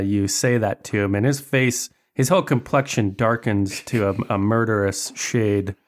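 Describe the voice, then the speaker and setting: A man running a tabletop horror game as game master, narrating with frequent fillers and restarts. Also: fairly low pitch.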